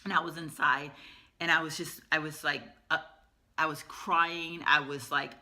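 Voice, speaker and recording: A middle-aged woman telling a personal story in a storytime vlog, emotional and halting, with many fillers. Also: low voice, fairly even intonation, bright, forceful tone. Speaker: vlogger.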